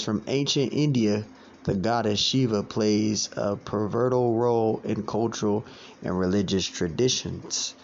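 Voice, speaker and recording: A man teaching a religious lesson in a blunt, preachy way, cursing, repeating his points and reading quotes slowly. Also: fairly low pitch, a little mellow. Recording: dull lo-fi sound with faint noise.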